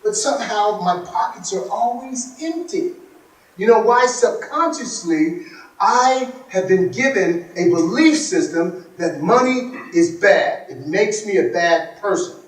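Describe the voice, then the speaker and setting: A man's voice: high voice, lively intonation, measured pace. A man giving a motivational workshop talk, telling stories and asking the audience questions. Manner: storytelling, asks the audience questions. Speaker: workshop speaker. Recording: echoey room, distant mic.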